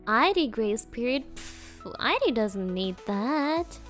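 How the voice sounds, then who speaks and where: High-voiced, slow, playful young woman streamer. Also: expressive, fairly bright tone, faint music behind. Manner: playful, teasing, mock-offended. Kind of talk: casual chat with viewers.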